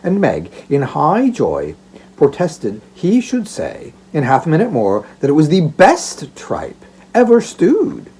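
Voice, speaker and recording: A man's voice: a little high, wildly swooping pitch, slow, dark tone, a little hiss or hum. A man narrating a classic story aloud for an audiobook, in a theatrical storytelling manner. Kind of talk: expressive narration of a classic novella.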